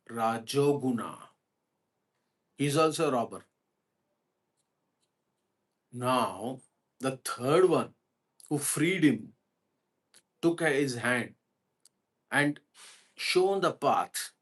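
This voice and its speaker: A man's voice: mid-range voice, lively intonation, takes it slowly, long pauses, fairly bright tone. A man, a spiritual teacher telling a parable in a sermon and putting questions to his listeners. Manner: asks the audience questions while telling a parable. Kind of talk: storytelling sermon.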